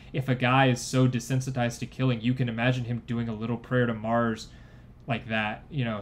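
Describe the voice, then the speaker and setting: Young guy, podcast co-host, excited rambling chat, medium pitch. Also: slight background noise. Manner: enthusiastic, rambling with many likes. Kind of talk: casual chat.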